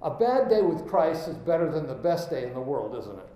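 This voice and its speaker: A man's voice: fairly high pitch, big pitch swings, brisk, dark tone, reverberant, rough recording. A man preaching a sermon, reading scripture aloud and stressing key words as he goes.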